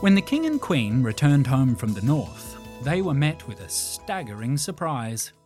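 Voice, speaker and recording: A man narrating a children's storybook in a gentle, measured way. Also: mid-range voice, very animated, music in the background.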